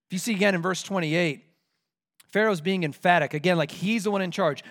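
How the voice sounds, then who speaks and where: A male preacher with a fairly high voice, working through scripture verse by verse. He speaks earnestly and leans hard on his key points. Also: brisk, a bit bright. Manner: earnest, emphatic. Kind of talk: expository sermon.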